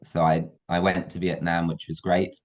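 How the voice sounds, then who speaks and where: Deep-voiced young English man. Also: moderate pace. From England. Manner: relaxed, hesitant with fillers. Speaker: guest, university student. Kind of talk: casual video call chat. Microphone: video call.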